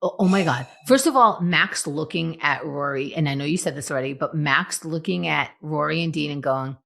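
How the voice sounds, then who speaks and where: Animated woman podcast co-host. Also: low voice, normal speed, vocal fry. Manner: animated, playful, acts out quotes. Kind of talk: casual chat.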